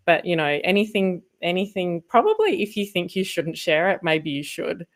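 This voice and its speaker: A woman co-hosting a podcast, talking casually with lots of fillers and asides. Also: lowish voice. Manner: rambling, many fillers, quick asides. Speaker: podcast co-host, former journalist.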